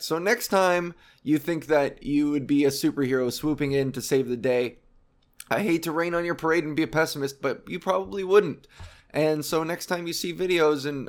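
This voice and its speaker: Young male host, a touch high-pitched, sarcastic rambler, casual explainer, swears freely. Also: fairly quick. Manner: rambling, sarcastic, profane asides. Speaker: video host.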